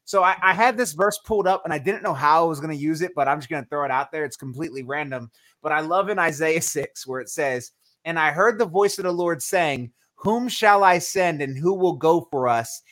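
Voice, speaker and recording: A man's voice: fairly high pitch, a little fast, a bit bright. A man hosting a Christian podcast, talking casually and with animation, often acting out quotes as he preaches. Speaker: podcast host. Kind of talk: casual chat.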